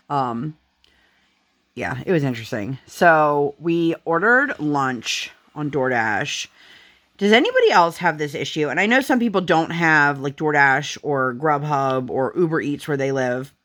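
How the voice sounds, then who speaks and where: A woman's voice: low-pitched, lively intonation, a little slow, a bit bright. A young woman chatting casually while she works on a craft at home, telling a family story with lots of "like.". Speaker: crafting vlogger.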